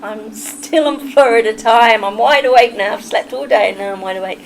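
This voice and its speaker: A woman's voice: fairly high pitch, moderate pace, slight background noise, low-quality recording. A middle-aged woman with a Kentish English accent, chatting casually and with firm opinions to her livestream viewers. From England. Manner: chatty, opinionated, talks straight to chat.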